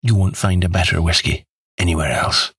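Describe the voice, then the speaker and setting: A man's voice: low voice, steady tone, brisk, fairly bright tone, husky, no room sound, studio quality, heavily acted. A man voicing a boastful, hearty Scottish whisky distiller in an audiobook. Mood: proud.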